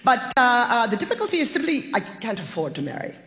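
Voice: mid-range voice, sing-song, quick pace, fairly bright tone, pitched above the performer's own voice. Storybook: reader doing a nervous young gent, stammers, laughs awkwardly, lifted voice, long echo. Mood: flustered. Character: flustered young gentleman, stammering suitor. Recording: long echoing reverb.

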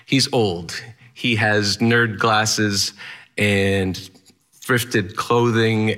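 Man, lowish voice, bright and forceful, candid first-person storytelling, wry.

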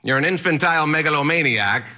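A man's voice: fairly high pitch, fast, bright, forceful tone, voice pushed up. A man voicing an eccentric old male Latin teacher with a strange accent who talks bluntly and theatrically. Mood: amused, blunt.

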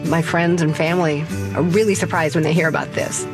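An older woman, a self-taught storyteller, telling a personal story in a lively, humorous way, her pitch jumping up for punchlines. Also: fairly quick, music in the background. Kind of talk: personal story told to an audience.

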